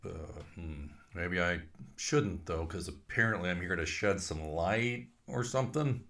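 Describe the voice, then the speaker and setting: A man's voice: low-pitched, a little slow, vocal fry, fairly bright tone, full character voice. Man doing a drawling, wry old ghost. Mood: wry, folksy. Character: dry, folksy male ghost, former dean.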